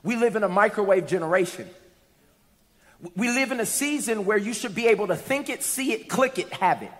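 A man preaching a sermon to a congregation, lively and humorous, rising to shouts at times. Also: high-pitched, fairly quick. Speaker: pastor. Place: church sanctuary with congregation. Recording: long reverb of a large hall.

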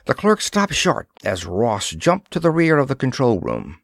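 Brief: male storyteller with a lively, expressive read and a dry, close sound. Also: mid-range voice, a little slow, vocal fry, hardly any pauses, no echo. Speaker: audiobook narrator. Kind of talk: scripted narration.

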